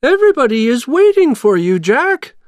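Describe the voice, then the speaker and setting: Storybook mayor, a fussy excited man, very high and shrill, as the narrator puts him on. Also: moderate pace, no room sound, clean studio sound. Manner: urgent, calling out.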